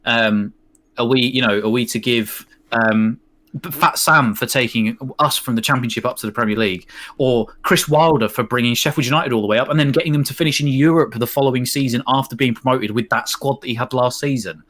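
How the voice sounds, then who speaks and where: A man hosts a casual live football watch-along. His voice sits at an ordinary pitch. He argues with mocking, animated rants and reads out chat. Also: brisk.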